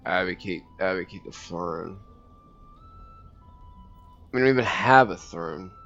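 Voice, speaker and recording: Deep gravelly man, laid-back game commentary. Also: slow pace, a bit bright, highs cut off, faint music behind. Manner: laid-back, thinks aloud, reads game text. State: hiccuping. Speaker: gameplay commentator. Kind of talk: casual let's-play commentary.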